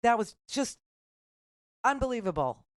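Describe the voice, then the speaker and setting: A woman's voice: on the high side, very animated, a little slow, no echo, studio quality. A woman hosting a call-in radio talk show, chatty and effusive, calling people honey and baby.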